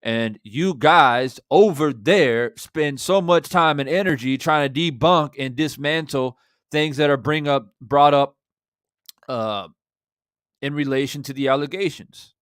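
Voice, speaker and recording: A man hosting a fan reaction channel, talking in an impassioned, rhetorical way that swings between loud and quiet. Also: a little high, a little slow, clear, resonant tone, dry recording, clean studio sound. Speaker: boxing channel host.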